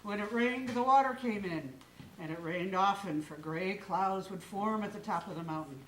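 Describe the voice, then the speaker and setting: A woman telling a folk tale aloud on stage in a lively, expressive way. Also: mid-range voice, moderate pace, a little hiss or hum. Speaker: storyteller. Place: live stage in a hall. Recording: echoey hall from far off.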